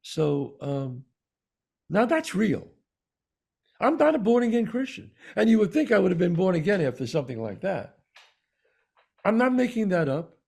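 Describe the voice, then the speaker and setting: A man with a New York accent, co-hosting a talk show and telling a personal story in an animated way, acting out the voices of the people in it. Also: high-pitched, normal speed, gravelly, pauses often, breathy edge. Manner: animated storyteller, acts out quoted dialogue. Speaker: podcast co-host. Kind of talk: storytelling in casual conversation.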